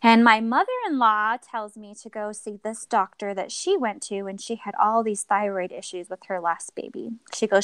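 A woman's voice: mid-range voice, moderate pace, hardly any pauses, smooth, dry recording. A young adult woman sharing a personal story as a podcast guest, acting out quoted dialogue and laughing often. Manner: expressive, acts out quoted dialogue.

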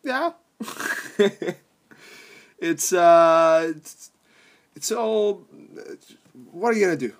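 A man's voice: high-pitched, drawn-out words, long pauses. A young adult man hosting a podcast, rambling casually and swearing, laughing often between thoughts. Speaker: podcast host.

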